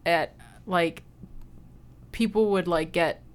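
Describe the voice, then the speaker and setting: A woman's voice: lowish voice, takes it slowly, clean tone. A woman in her thirties co-hosting a casual podcast chat, telling stories bluntly and swearing freely. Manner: blunt, profane storytelling. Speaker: podcast co-host.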